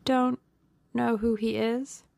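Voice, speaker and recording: A woman voicing a young English gentleman who talks languidly, then sharply and urgently. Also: fairly low pitch, normal speed, gravelly, no room sound. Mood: startled.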